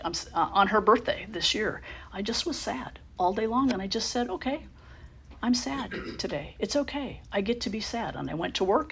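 A middle-aged woman sharing her personal story at a recovery meeting, halting with many fillers and restarts, dropping to a soft near-whisper at tender moments. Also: medium pitch, vocal fry, a little hiss or hum.

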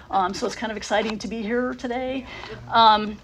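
A middle-aged woman sharing her personal story at a recovery meeting, halting with many fillers and restarts, dropping to a soft near-whisper at tender moments. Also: medium pitch, fairly even intonation, background noise.

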